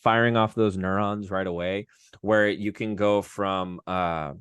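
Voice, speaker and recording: A man's voice: sits low, steady tone, unhurried, a bit bright, clean tone, dry recording, studio quality. A man who is a voice-actor guest, chatting casually on a podcast, rambling with many restarts.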